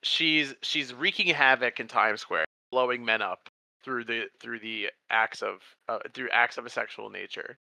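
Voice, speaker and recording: Bright, animated man reviewing a movie. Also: gravelly, no room sound. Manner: animated, acts out characters with big pitch jumps. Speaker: podcast co-host. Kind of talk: casual movie review chat.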